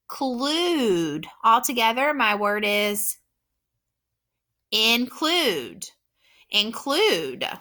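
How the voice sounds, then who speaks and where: A woman teacher giving a slow, clear, encouraging phonics lesson to children. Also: fairly high pitch, pushed and bright.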